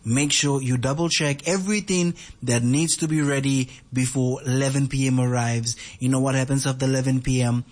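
A man's voice: medium pitch, fairly even intonation, fairly quick, few pauses, a little mellow. A man hosting a late-night radio show, talking casually and at length, often repeating himself and checking in with listeners. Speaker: radio host.

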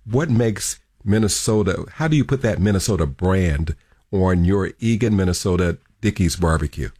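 A man's voice: deep voice, normal speed, darkish tone, slightly rough, no room sound, studio quality. A man hosting a radio show, interviewing a guest with chatty broadcast-style questions.

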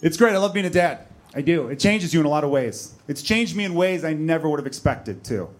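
A man's voice: fairly high pitch, animated, a little fast. A man in his thirties performing a stand-up comedy set on a club stage, telling stories in a conversational, self-deprecating way.

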